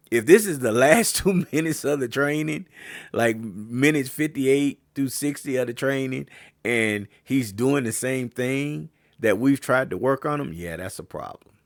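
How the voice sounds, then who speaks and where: A man hosting a sports podcast and coaching young players, giving an animated, ranting opinion monologue straight to his listeners. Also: medium pitch, no echo, studio quality. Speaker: podcast host and youth sports trainer.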